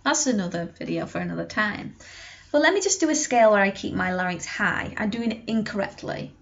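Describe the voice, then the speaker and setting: A woman's voice: medium pitch, lively intonation, brisk, creaky, dull audio. A young woman singing teacher giving a vocal lesson to camera, explaining technique with sung and spoken demonstrations.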